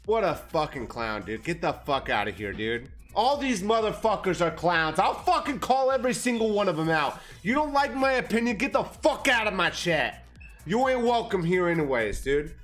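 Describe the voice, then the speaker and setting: A man ranting on a livestream, profane and agitated. His pitch swings widely as he moves between sour low muttering and sharp outbursts. Faint music plays behind him. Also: big pitch swings, normal speed. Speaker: market commentary streamer. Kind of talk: livestream rant.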